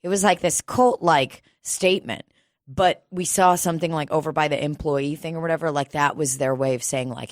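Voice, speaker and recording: A woman co-hosting a casual podcast, telling profane, lively stories and acting out the voices of the people in them. Her voice sits somewhat low for a woman. It is recorded close and dry, with almost no room sound. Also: moderate pace, no echo. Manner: profane, animated storytelling with acted-out quotes. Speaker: podcast co-host. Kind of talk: casual chat.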